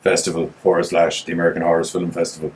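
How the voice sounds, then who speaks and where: Deep-voiced sweary male podcast host. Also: completely flat delivery, fast talker, a little mellow. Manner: sweary, joking, rambling. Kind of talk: casual chat.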